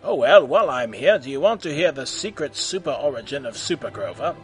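A man's voice: medium pitch, sing-song, brisk, faint music behind. A man voicing Super Grover, an eager, bumbling blue furry monster superhero.

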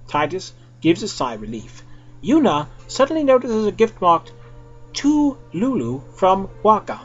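A man reading a comic fan story aloud, switching voices for each character in an animated way. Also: on the high side, brisk, dull audio, faint music behind.

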